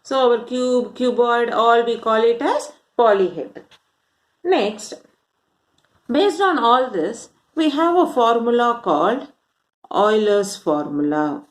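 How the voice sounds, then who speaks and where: A woman's voice: a little high, animated, slow. A woman teaching a maths lesson, explaining step by step and asking questions as she goes. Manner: explains step by step, counts aloud, asks rhetorical questions. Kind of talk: classroom lesson.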